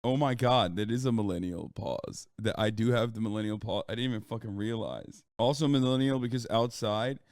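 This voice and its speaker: A man's voice: lowish voice, a little fast, hardly any pauses, darkish tone, dry recording, clean studio sound. A man in his early thirties chatting casually and rambling to his stream audience. He is sick and curses freely. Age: 30s. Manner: rambling, profane, restarts and trails off. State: sick, stuffy.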